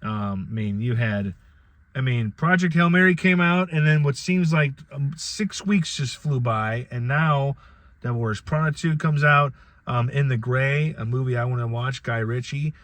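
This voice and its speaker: A man's voice: medium pitch, a little slow, fairly bright tone, no echo. A middle-aged man hosting a solo podcast, talking in a rambling, conversational way with frequent restarts. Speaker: podcast host. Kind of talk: casual solo commentary.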